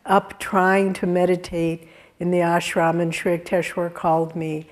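A woman with a fairly low voice gives a sermon-style talk, unhurried and deliberate. She tells spiritual stories earnestly and warmly, with the odd soft laugh. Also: level tone. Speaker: spiritual teacher giving a talk.

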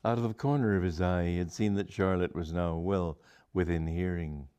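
A man's voice: deep voice, fairly even intonation, moderate pace, mellow, clear, resonant tone, muffled recording. A man reading a comic story aloud to an audience, with a dry, wry delivery.

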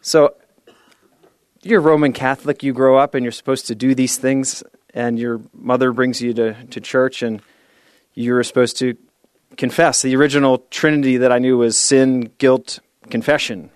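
A man tells stories with a playful, self-deprecating touch as he gives his sermon. He guides the listeners through an exercise and a quiet moment of meditation. His voice sits at an ordinary middle pitch. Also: level tone, moderate pace, clear, resonant tone, no room sound, clean studio sound. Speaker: speaker at a spiritual service.

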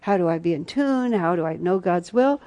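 Low, mellow-voiced woman teaching a spiritual class. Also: expressive, normal speed. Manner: reflective, earnest storytelling with soft asides. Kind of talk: spiritual teaching talk with personal stories.

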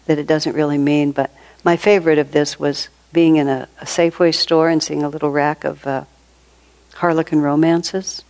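A woman's voice: low voice, a little mellow, poor audio. An older woman giving an informal spiritual talk, telling stories in a conversational way and laughing often. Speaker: spiritual teacher.

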